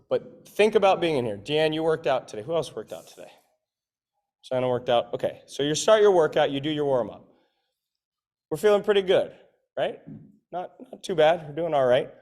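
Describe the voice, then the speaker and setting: A man coaching a gym class in a loose, conversational way, cursing freely and voicing the grumbles of people mid-workout. His voice sits a little higher than most men's. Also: a little mellow. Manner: conversational, swears casually, acts out inner voices. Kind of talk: casual talk to a class.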